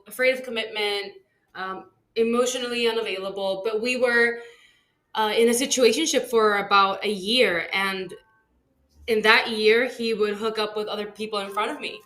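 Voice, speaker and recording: A young woman co-hosting a podcast, chatting candidly and reacting with quick exclamations. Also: a little high, steady tone, bright, forceful tone. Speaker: podcast co-host. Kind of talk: casual chat.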